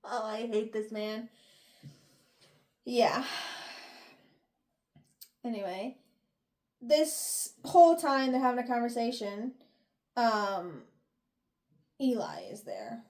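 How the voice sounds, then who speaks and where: A woman's voice: fairly high pitch, big pitch swings, takes it slowly, long pauses, a little mellow. A young woman co-hosting a book review podcast, retelling chapters casually and acting out the characters' lines with lots of laughs. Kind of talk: casual book recap chat.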